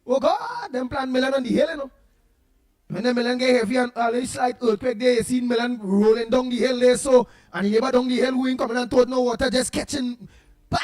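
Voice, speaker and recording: A Trinidadian man hosting a casual morning talk show, telling jokes in an animated way and greeting listeners by name. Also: extremely high pitch. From Trinidad and Tobago. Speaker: radio show host.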